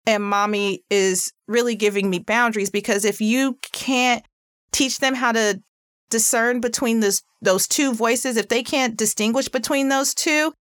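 A woman with a somewhat high, pitchy voice talks through parenting tips in a casual, earnest way. She leans on emphasis and fillers. The sound is dry and close, with no room around it. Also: steady tone, measured pace, fairly bright tone, dry recording. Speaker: parenting podcast host. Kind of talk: casual advice talk.

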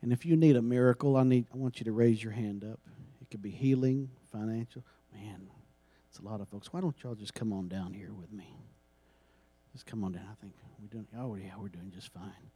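A man, preaching a sermon and praying for miracles, swinging from soft talk to loud, drawn-out emphasis. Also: fairly low pitch, slightly rough. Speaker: guest preacher. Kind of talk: sermon with prayer.

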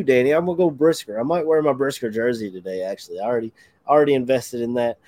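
A man with a mid-pitched voice co-hosts a casual sports podcast. He talks in a relaxed, hesitant way and chuckles often. The sound is dry and close. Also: fast, no room sound. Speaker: podcast co-host.

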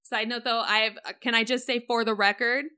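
A woman co-hosting a podcast with a bright, sharp voice that sits a little high. She chats freely and leans hard on her asides. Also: steady tone, brisk, smooth. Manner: chatty, emphatic asides. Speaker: podcast co-host. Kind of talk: casual chat.

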